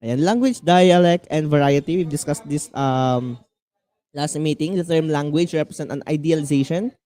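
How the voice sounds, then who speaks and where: Halting Filipino man lecturing a class. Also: a little high, mellow. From Philippines. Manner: code-switching, halting with many fillers and restarts. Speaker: teacher.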